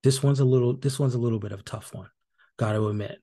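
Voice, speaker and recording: A man hosts a solo podcast recap, his voice dark and mellow. He talks loosely, with plenty of ums and restarts, and drops dry, wry remarks as he goes. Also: medium pitch, fast talker. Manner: casual and rambling, many fillers and restarts. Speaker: podcast host.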